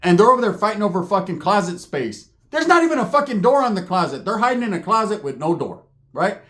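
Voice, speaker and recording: A man telling a profane comedic story, slipping into high squeaky character voices. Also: very animated, fairly bright tone. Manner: rapid slangy delivery, jumps into high squeaky character voices.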